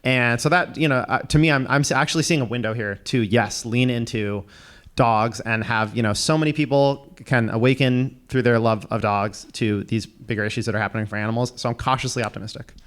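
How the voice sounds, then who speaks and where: A man's voice: mid-range voice, a little fast, fairly bright tone. Rambling, hesitant man on a panel. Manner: rambling, hesitant, full of restarts. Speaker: panelist, activist. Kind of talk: casual panel talk.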